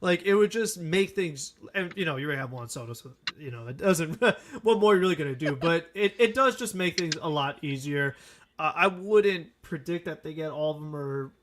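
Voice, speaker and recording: A man's voice: on the high side, animated, moderate pace, a bit bright, slight background noise. A man co-hosting a sports podcast, talking earnestly and at length about his team and laughing easily. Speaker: podcast co-host. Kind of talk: casual sports talk.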